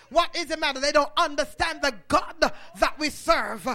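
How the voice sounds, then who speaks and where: A man delivers a sermon in a very high-pitched voice, building into shouted, rhythmic phrases broken up by "uh" and urging the congregation to respond. He moves fairly quickly, with hardly any pauses.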